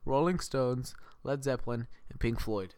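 A man's voice: mid-range voice, unhurried, darkish tone, clean tone. A young man co-hosting a podcast, chatting casually and rambling with frequent laughs. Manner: rambling, laughs often, restarts. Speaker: podcast co-host. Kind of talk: casual chat.

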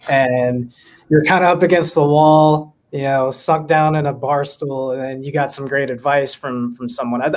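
A man hosting an interview, asking encouraging questions with many fillers. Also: mid-range voice. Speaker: podcast host.

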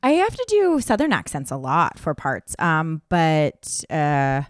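A woman from California co-hosting a podcast, quick to laugh and bubbly. Her voice sits low but is very lively, jumping around in pitch. The recording is dry and close-miked. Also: no echo. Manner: giggly, bubbly. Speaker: podcast co-host and actress. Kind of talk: casual chat.

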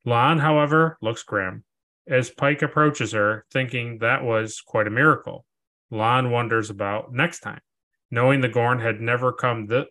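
A podcast co-host with a mid-range voice recaps a TV episode in casual chat, acting out scenes in a jokey, animated way.

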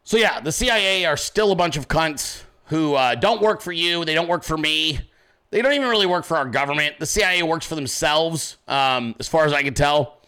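A man's voice: fairly high pitch, lively intonation, brisk, pushed and bright, smooth. A man hosting a political commentary show, ranting angrily and sarcastically with constant profanity.

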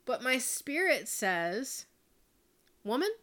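A woman who is a life coach hosts her own podcast, speaking off the cuff in a candid, chatty, unscripted monologue with casual swearing and tangents. Her voice is on the high side and fairly bright, at a measured pace, through a studio microphone.

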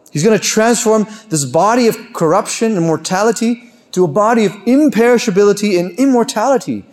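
Male preacher, earnest sermon delivery, voice on the higher side, slows and softens on key lines. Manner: earnest, rising on questions and dropping low and slow on key lines.

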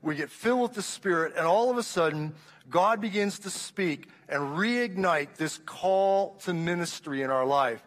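A man around sixty preaches to his congregation with a notably high, ringing voice. He tells his story with passion, often restarting his sentences. His words roll out into the long echo of a church hall. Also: moderate pace, a bit bright. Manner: impassioned storytelling with frequent restarts. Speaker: pastor. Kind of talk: sermon testimony.

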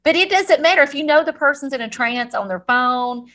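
A woman's voice: high-pitched, animated, fairly quick, bright, forceful tone. A woman with a Southern Alabama accent, co-hosting a podcast in casual, rambling chat with frequent restarts. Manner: chatty, rambling, with many restarts. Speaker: podcast co-host, school counselor.

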